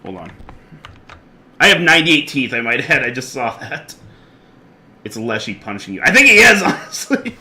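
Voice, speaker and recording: A man streaming a card game live, chatting excitedly, laughing often and swinging from loud outbursts to quiet muttering. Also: medium pitch, normal speed, long pauses, slight background noise. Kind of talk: live gameplay commentary.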